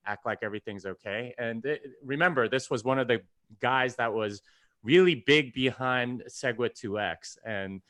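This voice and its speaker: Smooth-voiced man explaining on a podcast. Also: medium pitch, measured pace, a bit bright, no echo. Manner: loose, filler-heavy explaining. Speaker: podcast guest, developer. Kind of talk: casual chat.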